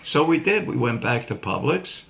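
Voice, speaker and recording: A man's voice: medium pitch, sing-song, moderate pace, creaky, fairly bright tone. An older man hosting his own vlog, telling a rambling, jokey story to his viewers and laughing at himself. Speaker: vlog host.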